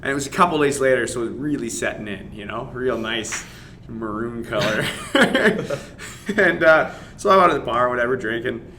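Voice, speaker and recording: Bright-voiced man telling a rowdy story. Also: medium pitch, moderate pace, slight background noise. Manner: animated, swears, acts out dialogue, laughs while telling. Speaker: podcast guest, MMA fighter. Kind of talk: casual storytelling.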